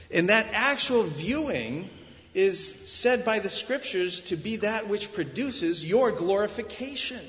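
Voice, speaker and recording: A male pastor delivers an emphatic sermon at an unhurried pace, leaning on key words and letting pauses hang. His voice sits slightly high. The recording is dull and reverberant, as if from a church hall. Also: a bit bright. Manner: emphatic preaching, with measured, deliberate pauses. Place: church sanctuary.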